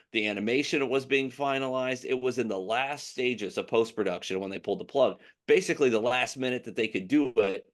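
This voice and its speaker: A man hosting a casual news chat, talking in a rambling way with many fillers and restarts. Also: mid-range voice. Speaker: podcast host.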